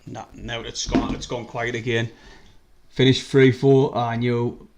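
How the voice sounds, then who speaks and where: A man's voice: medium pitch, little pitch movement, unhurried, vocal fry, noisy background. A man with a North East English accent chatting casually and rambling through a live stream as a football fan, swearing freely.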